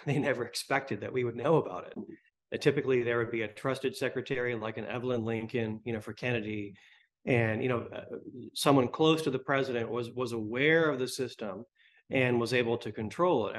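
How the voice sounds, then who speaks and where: A man who is a history professor, speaking as an interview guest in a measured, scholarly, explanatory way. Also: medium pitch, a bit bright.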